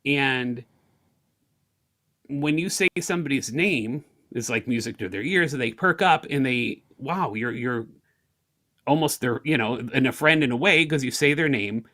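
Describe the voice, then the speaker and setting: A man's voice: medium pitch, unhurried. A middle-aged man from the United States telling everyday stories in a casual interview, acting out both sides of small conversations in changing voices. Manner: animated, acts out little scenes of talk in shifting voices. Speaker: guest speaker.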